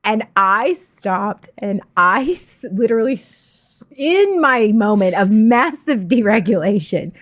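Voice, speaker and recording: A woman's voice: mid-range voice, lively intonation, takes it slowly, hardly any pauses. Candid, emphatic woman chatting on stream. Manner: candid, emphatic, swears freely. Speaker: streamer co-host. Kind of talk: casual chat.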